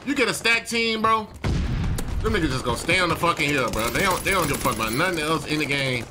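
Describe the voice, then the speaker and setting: Excitable cursing gamer man. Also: fairly high pitch, fast talker. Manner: profane, excitable, swings to yelling. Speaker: gaming streamer. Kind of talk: live gameplay commentary. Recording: game gunfire noise behind.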